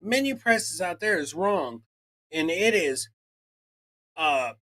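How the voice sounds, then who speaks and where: A man's voice: high-pitched, lively intonation, slow, pushed and bright. A man co-hosting a podcast, ranting in casual chat with lots of swearing and acted-out quotes. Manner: profane, ranting, acts out quoted exchanges. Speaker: podcast co-host.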